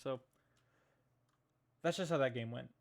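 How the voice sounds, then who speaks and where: A man's voice: mid-range voice, measured pace, creaky. Man casually breaking down match footage. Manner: thinking aloud with frequent restarts. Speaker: coach reviewing team gameplay. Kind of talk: casual analytical game review. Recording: noticeable background noise.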